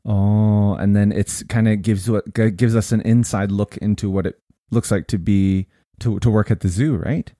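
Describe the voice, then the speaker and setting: A man co-hosting a casual family chat, easygoing and quick to laugh. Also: lowish voice, steady tone, warm tone, no room sound, clean studio sound. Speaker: podcast co-host and father.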